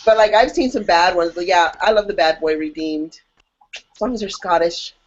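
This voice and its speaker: A woman co-hosting a podcast in casual chat, animated and jokey, acting out her own reactions. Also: lowish voice, moderate pace. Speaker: podcast co-host. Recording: dull lo-fi audio.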